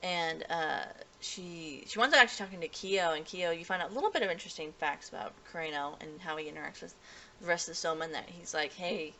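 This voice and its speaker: A woman's voice: on the low side, quick pace, bright, forceful tone, a little hiss or hum. A woman casually recapping an anime episode as a reviewer, rambling and restarting sentences with many fillers.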